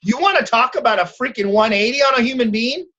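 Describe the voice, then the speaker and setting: Bright-voiced man coaching over a video call. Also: very high voice, animated, quick pace, highs cut off. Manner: storytelling, asks the group for agreement. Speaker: salon coach leading a stylist call. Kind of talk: casual group coaching talk.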